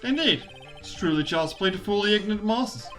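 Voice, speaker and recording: A streamer voicing a pompous, gloating male gentleman detective from a visual novel game, reading the dialogue aloud with theatrical, drawn-out greetings. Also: mid-range voice, lively intonation, faint music behind, close to an everyday voice. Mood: smug.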